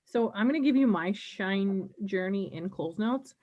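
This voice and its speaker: A woman's voice: medium pitch, lively intonation, normal speed, a little mellow. A woman co-hosting a casual chat, bubbly and reflective. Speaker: podcast co-host. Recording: slightly dull, lo-fi sound.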